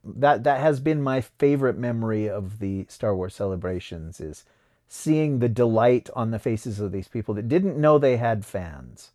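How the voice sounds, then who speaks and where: A man's voice: medium pitch, expressive, moderate pace, dark tone. A man hosting a podcast, chatting casually and reading names off a list while looking them up. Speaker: podcast host. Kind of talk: casual chat.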